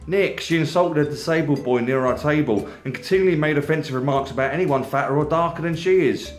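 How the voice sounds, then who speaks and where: A man voicing a weary, conflicted young man with a croaky, glum way of talking, in an echoey room. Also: fairly high pitch, fast, soft background music, pitched above the performer's own voice, lightly acted.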